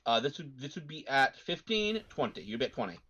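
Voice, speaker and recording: A man running a tabletop game as game master, making rulings briskly and chuckling often, on a live stream. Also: mid-range voice, very animated, bright, forceful tone, highs cut off. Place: home setup, online stream.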